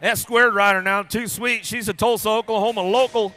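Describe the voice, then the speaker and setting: A man doing live race commentary at a BMX track, rattling off rider names in a rapid-fire, playful way and joking with riders and crew. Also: sits high, fairly even intonation, pushed and bright, slight background noise. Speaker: race announcer.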